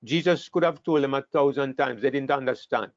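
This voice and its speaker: A man teaching an online Bible class, talking in an animated way and sometimes repeating words as he thinks. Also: mid-range voice, fairly quick, vocal fry, no echo. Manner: animated, acts out scripture quotes, repeats words while thinking. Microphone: online call microphone. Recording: dull, dry online call audio.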